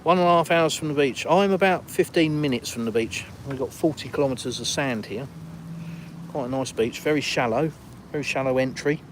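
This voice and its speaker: A retired Englishman hosting a live stream outdoors, reading out viewer comments and answering them in relaxed, chatty talk. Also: mid-range voice, fairly quick, background noise. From England. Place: outdoors in a village, walking.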